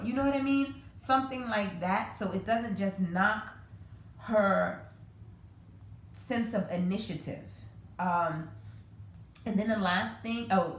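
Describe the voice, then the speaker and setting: A woman hosting a parenting podcast, talking casually with many fillers and restarts. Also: medium pitch. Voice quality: conversational, many fillers and self-corrections. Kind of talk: casual educational talk. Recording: echoey room with faint noise.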